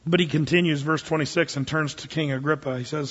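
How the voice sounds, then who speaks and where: With a steady tone and a quick pace, barely pausing, a pastor works through an expository sermon, mixing folksy plain speech with dramatic scripture reading. His voice is husky and high for a man, and the recording is dull and lo-fi, echoing with a long hall reverb.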